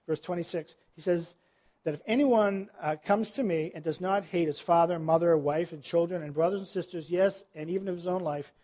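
A man's voice: a little high, mellow, highs cut off. A man preaching a sermon in a conversational style, full of rhetorical questions. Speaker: pastor.

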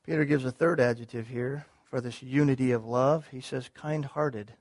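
A man's voice: medium pitch, fairly even intonation, fairly quick, darkish tone. A man preaching a sermon to his congregation, earnest, repeating key words, with small restarts as he explains. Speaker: pastor.

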